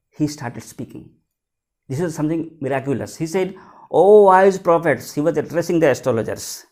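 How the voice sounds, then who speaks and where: A man's voice: a little high, warm tone. A male teacher reading a story aloud and explaining it line by line in simple words. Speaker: English teacher. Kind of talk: textbook lesson explanation.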